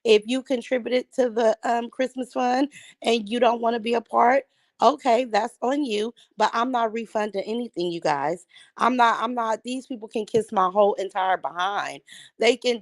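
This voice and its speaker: A woman's voice: mid-range voice, no echo. A woman hosting a casual morning livestream, greeting viewers by name and trash-talking a rival, with a strained voice. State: voice sounds strained. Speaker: livestream host.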